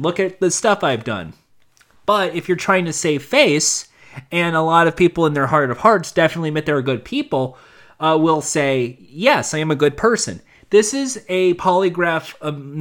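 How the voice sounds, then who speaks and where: A man's voice: on the high side, a bit bright. A man giving a casual, opinionated commentary monologue, thinking aloud with frequent restarts.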